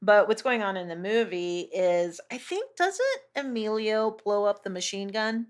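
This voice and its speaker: A woman co-hosting a movie podcast, talking in an animated way, swearing freely and quick to laugh. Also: medium pitch. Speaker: podcast co-host. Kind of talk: casual chat.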